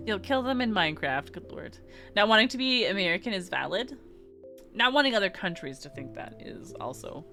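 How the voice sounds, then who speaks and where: Woman from Canada, chatty live-stream host; bright, tense tone, quick asides and laughs, faint guitar bed. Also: mid-range voice, big pitch swings. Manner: chatty, laughs often, self-correcting asides. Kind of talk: casual live-stream chat.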